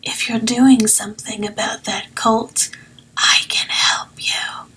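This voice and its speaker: A woman's voice: mid-range voice, a little slow, bright, forceful tone. A woman voicing a cheeky, flirtatious human man in his thirties in a tabletop game. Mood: whispered. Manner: cheeky, leans in to whisper.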